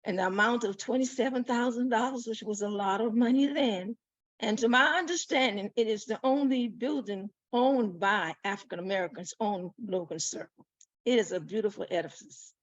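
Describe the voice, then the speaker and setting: A woman who leads an organization, speaking as a panel guest over a video call in a gracious, measured, formal way. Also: a little high, no room sound. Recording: dull, dry, lo-fi call audio.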